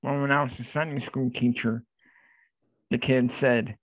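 A man's voice: medium pitch, steady tone, measured pace, fairly bright tone, dry recording, low-quality recording. Man sharing a story in a dry recording. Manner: anecdotal, quoting a conversation. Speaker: study group participant. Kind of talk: sharing a story in group discussion.

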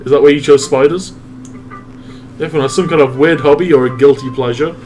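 A man's voice: fairly high pitch, fairly even intonation, a little fast, a little mellow, soft background music, poor audio. A man playing a visual novel with friends, reading its dialogue aloud and making wry asides. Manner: reads game text aloud with wry asides. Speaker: let's play commentator. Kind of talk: group game playthrough, reading dialogue aloud.

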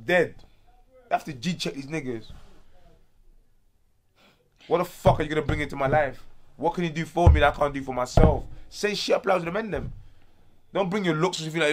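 A young man from Congo, ranting loudly with profane slang as a guest in a casual interview. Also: fairly high pitch, brisk, long pauses.

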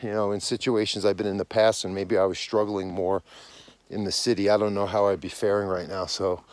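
Guy in his 40s out of breath walking his dog outside, lowish voice, rambly casual podcast talk. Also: level tone, brisk, no echo. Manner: rambling, self-correcting, conversational. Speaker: dog trainer and podcast host. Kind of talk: casual monologue while walking outdoors. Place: outdoors on a snowy mountain property at dusk.

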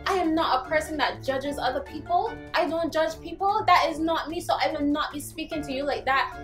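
A woman telling a storytime rant on her vlog. She talks dramatically, acting out the voices of the people in her story and swinging from calm delivery to shouting. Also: high-pitched, brisk, soft background music, rough recording. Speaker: vlogger.

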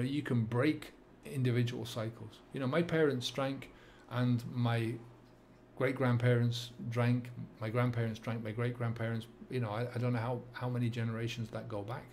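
A middle-aged man with a Dublin accent, talking to camera as a sobriety coach, earnest and halting with many fillers and restarts. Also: medium pitch, a little mellow, slight background noise. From England and Ireland. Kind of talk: reflective monologue to camera.

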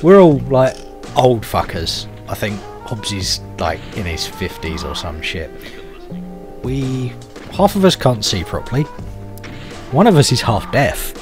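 A man chatting and swearing excitedly with friends while playing an online shooter game. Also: medium pitch, measured pace. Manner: excitable, swears a lot, laughs often. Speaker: gaming channel host. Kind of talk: casual gaming chat with friends. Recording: game audio mixed with background music.

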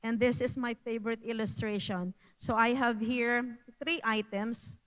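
A woman's voice: fairly high pitch, fairly even intonation, a bit bright, big-room sound, low-quality recording. A woman with a Filipino accent giving an earnest, repetitive health talk at a church prayer meeting. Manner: earnest, repeats phrases, slow.

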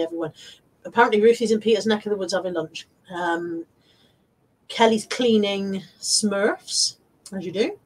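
A woman's voice: mid-range voice, darkish tone, breathy edge. A middle-aged Irish woman live-streaming from a phone or webcam, chatting casually as she reads viewers' comments aloud, laughing often. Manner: chatty, laughs often, breaks into off-key singing. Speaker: live-streaming reseller vlogger.

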